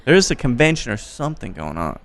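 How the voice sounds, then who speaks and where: A man hosting a podcast interview, relaxed and joking, swearing casually. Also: medium pitch, fairly quick, vocal fry. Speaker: podcast host. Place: bar by a window.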